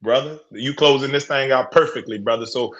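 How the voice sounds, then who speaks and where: A man's voice: medium pitch, brisk, fairly bright tone, dull audio. A man hosting a casual group call, encouraging and full of affirmations. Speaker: host. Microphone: online call.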